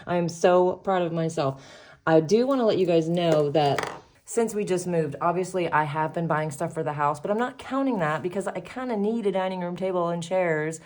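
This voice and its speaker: Her fairly low, darkish voice carries a casual, upbeat chat as she hosts a savings challenge vlog and works on crafts. She laughs often and is a bit out of breath.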